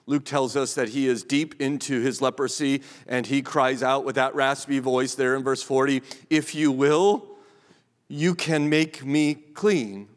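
Guy preaching a sermon in a big echoey church, kinda high voice, gets loud then goes real quiet. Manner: impassioned, rising and dropping to a hush. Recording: long reverb of a large hall.

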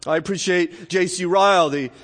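A male pastor delivers an earnest sermon, frequently restarting phrases and slipping in rhetorical asides. His voice is high-pitched and a bit bright, at normal speed, recorded with long hall reverb.

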